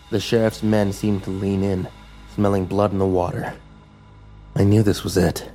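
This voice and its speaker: A man's voice: sits low, little pitch movement, normal speed, warm tone. Man narrating a grim story. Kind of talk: first-person story narration. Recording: faint background music.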